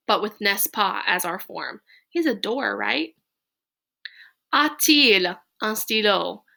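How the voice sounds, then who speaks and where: A woman's voice: medium pitch, creaky, sharp tone. A woman teaching French question forms to a class, explaining patiently and step by step. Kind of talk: classroom lesson on slides.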